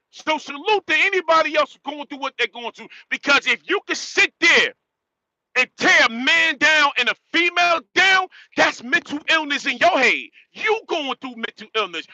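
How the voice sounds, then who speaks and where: A man's voice: very high voice, sharp tone, no echo, low-quality recording. A man ranting bluntly on a live stream, repeating himself and ending phrases with "man". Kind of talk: casual live-stream rant.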